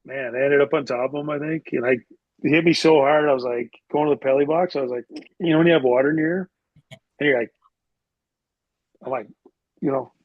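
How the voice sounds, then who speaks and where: A man's voice: a little high, brisk, pauses often, no room sound, phone-quality sound. A man from Canada, a podcast guest and former hockey player, telling casual anecdotes in a rambling way full of "like" fillers. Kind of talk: casual storytelling.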